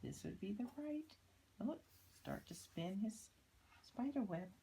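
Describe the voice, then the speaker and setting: An older woman reading a picture book aloud to children, pausing to point out the pictures. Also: medium pitch, expressive, creaky, warm tone, slight background noise, poor audio. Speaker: storyteller.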